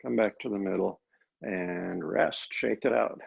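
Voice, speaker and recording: A man teaching a Pilates class, calmly cueing each step of the exercises, recorded on a laptop microphone. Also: deep voice, measured pace, gravelly, husky, muffled recording. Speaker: Pilates instructor. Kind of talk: guided exercise class instruction.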